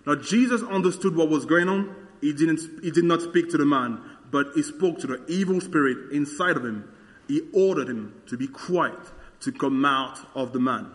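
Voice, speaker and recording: A man's voice: fairly high pitch, normal speed, big-room sound. A man teaching a Bible passage verse by verse in a conversational way, with frequent fillers. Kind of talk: explaining scripture verse by verse.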